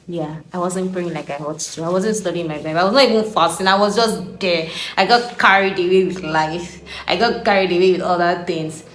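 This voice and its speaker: A woman in her late twenties, an animated faith vlogger who laughs often as she shares her story. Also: on the low side. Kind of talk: casual devotional vlog. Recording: echoey room, faint background hum.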